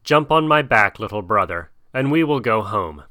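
A man's voice: lowish voice, lively intonation, moderate pace, bright, forceful tone, no room sound, clean studio sound. A man voicing a proud black panther who scolds in a stern manner.

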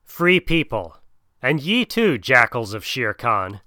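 Guy voicing an old worn-out wolf leader, dignified, bright dry voice. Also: medium pitch, very animated, slow pace, no room sound, full character voice. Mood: weary defiant. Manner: dignified, pleading. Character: old weary male wolf pack leader.

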